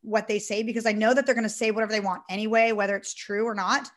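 A woman telling her story in a casual talk show, animated and full of "like". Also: mid-range voice, quick pace. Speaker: salon owner, guest. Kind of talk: casual podcast conversation.

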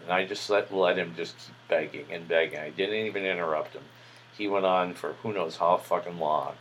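A man's voice: low voice, steady tone, normal speed, a bit bright, slight background noise, rough recording. A man hosting a podcast, telling a story in a casual, boastful, crude way with a lot of swearing. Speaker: podcast host.

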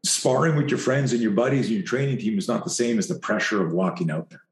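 Low-voiced coach telling a story. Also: male voice, fast, echoey room. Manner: animated, profane, acts out quoted dialogue. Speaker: fight coach and self-defense instructor. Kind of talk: anecdotal storytelling in an interview.

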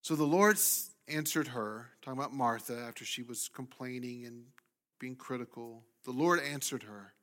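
Pastor dropping to a near-whisper. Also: male voice, medium pitch, expressive, normal speed. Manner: swings from loud emphasis to hushed near-whisper. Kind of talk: sermon.

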